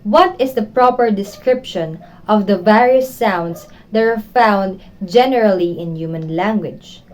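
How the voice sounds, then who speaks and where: A young woman, a student reporter, slowly and carefully reading a prepared class report aloud. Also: medium pitch, low-quality recording.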